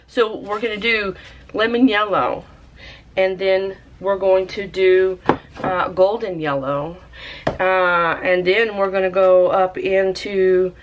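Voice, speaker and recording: A woman talks through her tie dye work at an unhurried pace, wandering with ums and asides. Her voice sits at a middling pitch over a faint hiss of background noise. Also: fairly even intonation, highs cut off. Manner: chatty, rambling, many fillers. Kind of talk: casual craft demo.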